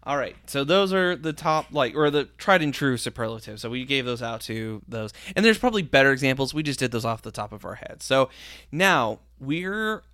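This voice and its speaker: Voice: medium pitch, lively intonation, moderate pace, fairly bright tone, no echo, studio quality. Upbeat podcast host running a countdown. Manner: upbeat, runs the list, rambles in restarts. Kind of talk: casual chat.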